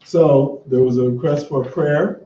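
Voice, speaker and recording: A man's voice: a little high, normal speed. A man leading a religious class, talking in an easygoing, encouraging way before reading a prayer to the group. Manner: relaxed, conversational, encouraging. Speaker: class teacher. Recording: dull, roomy sound from a distant mic.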